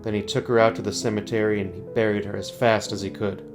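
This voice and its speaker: A man reading a scary story aloud, slow and building suspense. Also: lowish voice, little pitch movement, music in the background.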